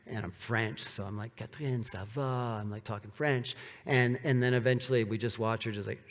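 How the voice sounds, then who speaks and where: A man talks to a live audience at a speaker event, his voice sitting in a middle register. He rambles casually, leans on "like," and slips into quoted lines from the story. The sound rings with the long reverb of a large hall. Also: mid-range voice. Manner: casual, rambling, fillers like "like", acts out quoted dialogue. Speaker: presenter at a speaker series.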